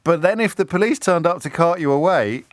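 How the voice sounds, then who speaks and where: A middle-aged man hosting a radio phone-in, talking in a lively, self-interrupting way and slipping into mimicked heckler voices. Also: a little high, fairly quick, no room sound. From England. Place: radio studio. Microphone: studio microphone.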